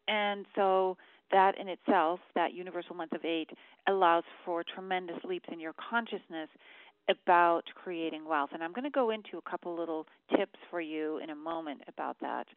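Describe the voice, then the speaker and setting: A woman's voice: lowish voice, no echo. Earnest woman, dry phone-line sound. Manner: earnest, emphatic, repeats key words. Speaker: numerology forecaster. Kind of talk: monthly forecast talk to viewers.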